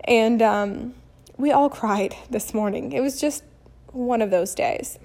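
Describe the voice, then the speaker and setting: A woman in her thirties telling a story casually as a vlogger, animated and blunt, acting out what people said. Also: on the high side, slow pace. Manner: animated, acts out quotes, blunt with mild swearing. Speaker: vlogger and mother.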